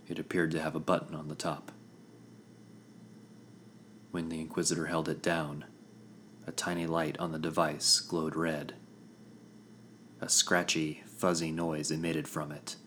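A man with a very deep voice reads a first-person fantasy audiobook at an unhurried pace. His delivery is measured and grave. Music plays clearly under his narration. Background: background music.

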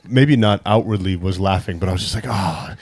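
A man hosting a casual podcast, chatty as he steers the questions. His voice is very deep. The sound is dry and close. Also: quick pace, no echo. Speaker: podcast host.

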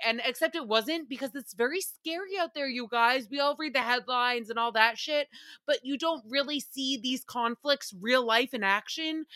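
A woman hosts a podcast with a bright, sharp voice pitched a bit high. She talks casually and swears freely, keeping her storytelling animated. The sound is dry and close. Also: no room sound. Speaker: podcast host.

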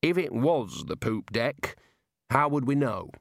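A man voicing a pompous older wizard dean who speaks slowly and pedantically. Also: medium pitch, very animated, gravelly, dry recording, studio quality, exaggerated voice. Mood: puzzled.

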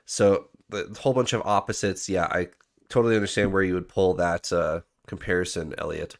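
A man hosting a podcast, explaining points in a relaxed, conversational way. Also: sits low, fairly quick. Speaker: podcast host. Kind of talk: casual book discussion.

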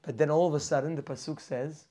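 A man teaching a lively weekly Torah class, full of rhetorical questions and acted-out characters. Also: fairly high pitch, fast talker.

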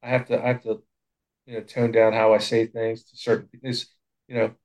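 A man's voice: mid-range voice, completely flat delivery, brisk, a little mellow, rough recording. A man who is a volunteer assistant fire chief, talking in a casual, plainspoken and humble way with frequent restarts. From Pennsylvania, USA. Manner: plainspoken, self-deprecating, many restarts. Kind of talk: casual podcast conversation.

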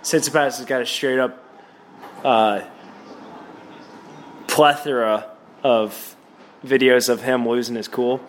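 Young man, podcast co-host, laid-back casual chat, mid pitch, faint noise. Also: fairly even intonation, slow pace, long pauses. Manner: laid-back, laughs often, swears.

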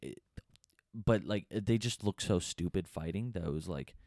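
A man's voice: sits low, moderate pace, darkish tone, dry recording, studio quality. A young man telling a story to a friend in casual chat, hesitant and full of fillers.

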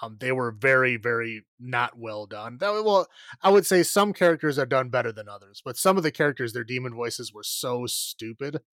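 A man co-hosting a podcast gives a rambling, exasperated casual film review, heavy on fillers and restarts. His medium-pitched voice is a bit bright with lively intonation and a moderate pace, recorded without room sound.

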